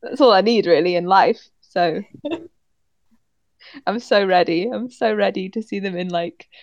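A woman's voice: medium pitch, a little slow, dry recording, lo-fi sound. A woman chatting casually, gushing with enthusiasm and laughing often. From Britain. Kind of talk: casual chat.

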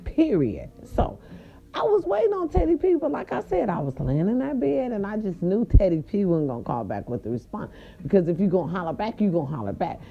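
Animated woman telling a story, dull lo-fi sound. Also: medium pitch, brisk, vocal fry, breathy edge. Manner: animated, profane, talks to viewers directly. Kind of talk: casual storytelling to viewers.

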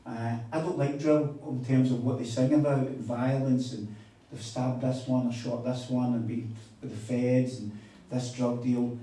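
A man preaching a sermon, telling a story in a chatty, animated way with quoted dialogue. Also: medium pitch, measured pace. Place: conference hall on a weekend retreat. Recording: echoey hall, mic at a distance.

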